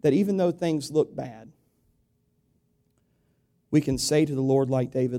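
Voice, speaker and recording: The clip features a man, a pastor, preaching in a chatty style and asking his listeners rhetorical questions. His volume builds, then falls to a quiet, confiding tone; his mid-range voice is unhurried, with frequent pauses.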